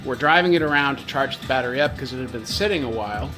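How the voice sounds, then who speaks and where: A man's voice: medium pitch, quick pace. A middle-aged man hosting a casual garage vlog, chatty and self-deprecating, telling his story with animation. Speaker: garage tuning channel host. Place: home garage. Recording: music playing behind in garage. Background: music.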